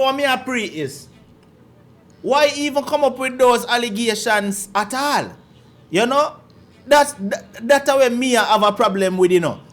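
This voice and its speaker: A man with a Jamaican accent, hosting a live call-in talk show, animated and repetitive in patois. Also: sits high.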